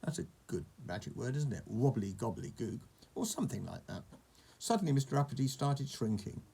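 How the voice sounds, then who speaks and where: A man reads a children's story aloud in a gravelly, mid-pitched voice. He stops often to chat with the young listener about the pictures. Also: very animated, brisk. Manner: warm, chatty asides to a child.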